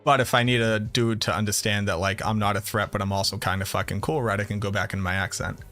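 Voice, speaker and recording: A man's voice: on the low side, steady tone, fast, a bit bright, faint music behind. A man from the Boston area with a Boston accent, chatting casually and brashly with viewers on a game livestream, swearing and joking. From Boston area, USA. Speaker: game streamer.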